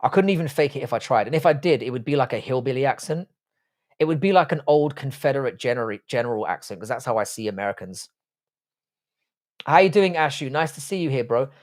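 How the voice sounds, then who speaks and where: A man in his forties from England, with an English accent, hosts a casual livestream in a lively, fast mid-range voice. He greets viewers by name and reads out their chat, trading blunt, crude jokes packed with swearing.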